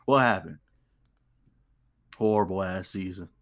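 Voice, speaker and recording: A man's voice: low voice, a little slow, fairly bright tone. A young man co-hosting a live sports talk stream, joking and ranting in casual banter. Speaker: co-host.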